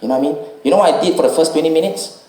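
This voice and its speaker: A man's voice: fairly high pitch, racing. A young Singaporean man performing stand-up, conversational and tagging his lines with "right?". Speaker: stand-up comedian. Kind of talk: stand-up comedy set. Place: comedy venue with a live audience. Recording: echoey live room from a distance, audience noise.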